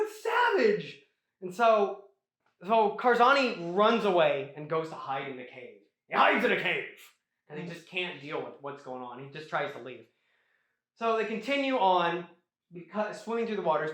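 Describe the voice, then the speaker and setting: High-voiced man recapping lore animatedly. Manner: animated, rambling, swears, laughs often. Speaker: host. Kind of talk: casual storytelling lore recap. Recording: roomy echo.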